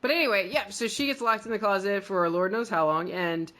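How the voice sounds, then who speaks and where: A woman's voice: medium pitch, brisk, a bit bright. A woman co-hosting a podcast, recapping a TV episode in a chatty, rambling way full of fillers. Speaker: podcast co-host. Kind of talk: casual episode recap chat.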